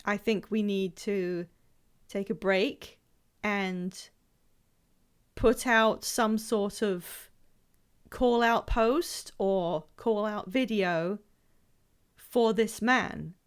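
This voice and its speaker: A woman's voice: medium pitch, extremely slow, pauses often, smooth. A young woman streaming a game live, chatting casually and playfully with viewers, rambling with fillers and laughing often. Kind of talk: casual live-stream chat while gaming.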